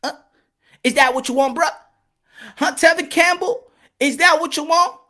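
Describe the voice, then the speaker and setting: A man hosting a boxing channel on a live stream, loud, rowdy and swaggering, who breaks into Spanish. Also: extremely high pitch, normal speed.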